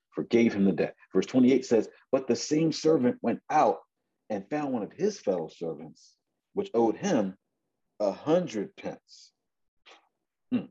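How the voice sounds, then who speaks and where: A man's voice: lowish voice, dark tone, slightly rough, lo-fi sound. A man in his forties preaching a sermon in a conversational way, often repeating and restarting words and briefly acting out the voices in the story. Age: 40s.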